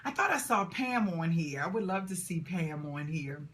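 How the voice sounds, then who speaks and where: A woman's voice: lowish voice, lively intonation, normal speed, a bit bright. A middle-aged woman hosting a live Q&A stream, reading out viewer comments, laughing and cheering often. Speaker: host of a live Q&A call.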